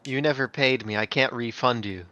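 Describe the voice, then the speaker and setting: A man's voice: mid-range voice, moderate pace, pushed and bright, highs cut off. A man playing in a tabletop game, talking in a dry, mock-formal way. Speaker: player. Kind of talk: in-character banter at a tabletop game.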